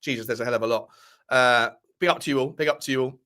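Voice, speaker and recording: A man's voice: medium pitch, quick pace, bright, forceful tone. A man hosting a casual live football stream, bantering and repeating his phrases with some swearing. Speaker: football podcast host.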